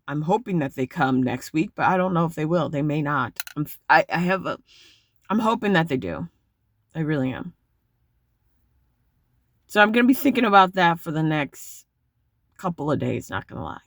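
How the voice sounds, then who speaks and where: Bright-voiced woman, rambling vlog confession. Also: fairly low pitch, no room sound, studio quality. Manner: rambling, self-critical, swears freely. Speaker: vlogger.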